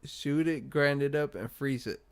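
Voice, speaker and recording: A man's voice: medium pitch, unhurried, clear, resonant tone. A man co-hosting a casual podcast in a laid-back, joking way, swearing freely. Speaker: podcast co-host. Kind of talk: casual chat.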